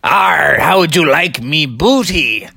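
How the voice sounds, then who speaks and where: A woman voicing a gruff male pirate who sells ice cream, using pirate talk in a bossy, growly manner. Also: sits low, lively intonation, slow pace, pushed and bright, full character voice.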